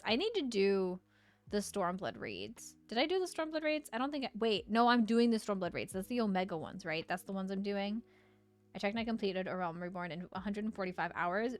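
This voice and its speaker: A woman's voice: mid-range voice, animated, fairly quick, faint music behind. A young woman chatting casually on a live game stream, bubbly and giggly as she reads chat aloud.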